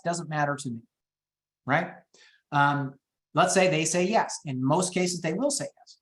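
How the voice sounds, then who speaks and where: A middle-aged man leading a real estate training session, talking in an upbeat, high-energy way and moving quickly through his points. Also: reverberant. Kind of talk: training webinar talk.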